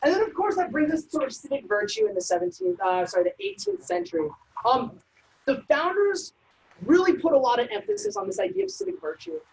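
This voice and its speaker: High-voiced woman giving a brisk lecture. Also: big pitch swings, creaky, a little mellow, low-quality recording. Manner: brisk, conversational, frequent um and uh. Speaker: civics workshop presenter. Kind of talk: informal lecture.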